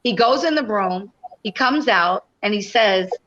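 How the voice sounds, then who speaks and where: A woman's voice: medium pitch, animated, a little slow, fairly bright tone, dull audio. A woman in her fifties, a podcast guest, telling a story animatedly and casually, swearing freely.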